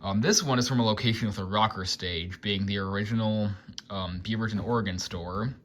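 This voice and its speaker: Low nasal-voiced young man vlogging. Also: steady tone, a little fast, fairly bright tone, a little hiss or hum. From United States. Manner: rambling, many ums and likes. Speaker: collector vlogger. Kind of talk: casual show-and-tell vlog.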